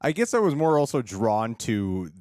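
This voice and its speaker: A man's voice: mid-range voice, normal speed, no room sound, studio quality. A man co-hosting a TV reaction show, chatting casually and joking as he acts out lines. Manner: animated and joking, acting out lines. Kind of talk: casual review chat.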